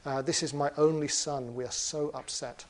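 Guy doing a desperate king begging, strained and a bit loud. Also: a little high, steady tone, moderate pace, natural voice. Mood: pleading. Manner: pleading, strained. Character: grieving king begging for his son.

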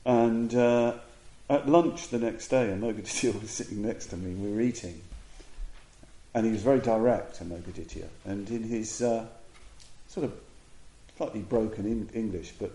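A man giving a Dharma talk as a Buddhist teacher, telling a story reflectively with pauses and restarts. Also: on the low side, mellow, echoey room, low-quality recording.

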